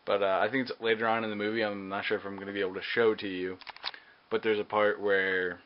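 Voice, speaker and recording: A man's voice: on the low side, level tone, fast. A man giving a casual movie review, hesitant and full of ums and uhs. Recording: dull lo-fi recording with faint hiss.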